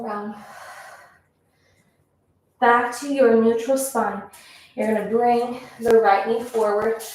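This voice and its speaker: Slow-cueing woman in an echoey room. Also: fairly high pitch, a little mellow, a little hiss or hum. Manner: encouraging counting cues. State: out of breath. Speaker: pilates instructor. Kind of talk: workout instruction. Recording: echoey room, mic at a distance.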